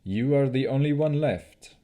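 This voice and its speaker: A man's voice: medium pitch, a little slow, mellow, pitched above the performer's own voice, lightly acted. A man reading an audiobook, voicing a grave male elf leader who speaks solemnly and apologetically.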